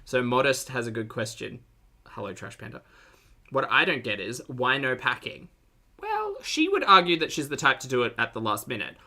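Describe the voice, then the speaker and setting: A woman's voice: a bass voice, very animated, normal speed, sharp tone. A woman giving dry, sarcastic live-stream commentary while reacting to a clip and talking to her chat.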